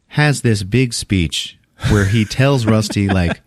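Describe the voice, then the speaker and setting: This podcast host casually recaps a film, acting out the characters' lines, laughing often and swearing freely. His voice is lowish and he takes it slowly, with studio-quality sound and no echo.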